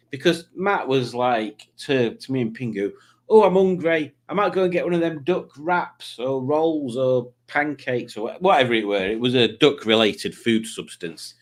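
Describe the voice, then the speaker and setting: A man chats casually on a livestream, reading out viewer comments. His voice sits at an ordinary middle pitch. He rambles, jokes and trips over his words as he goes. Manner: rambling and jokey, with frequent ums and self-corrections. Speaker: livestream host.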